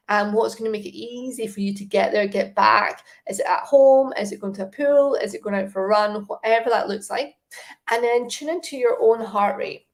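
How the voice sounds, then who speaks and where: A woman, a fitness coach, giving casual, encouraging advice and putting questions to the listener. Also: medium pitch. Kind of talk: casual advice talk to camera.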